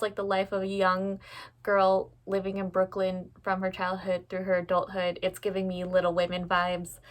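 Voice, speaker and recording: This is a casual, chatty vlog from a woman in her twenties who talks books at home, showing off her shelves on her phone camera. Her voice sits at a medium pitch with a fairly bright tone. She laughs a lot, swears without thinking, and pokes fun at herself candidly.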